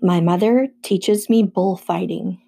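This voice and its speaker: A woman narrating a first-person audiobook chapter in a steady storytelling manner. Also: mid-range voice, slow pace, creaky, breathy edge.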